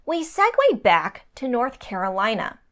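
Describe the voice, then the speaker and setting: A woman's voice: a little high, huge pitch swings, unhurried, fairly bright tone. A woman co-hosting a recap podcast, reading a scripted summary with wry asides. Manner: wry, laughs between lines.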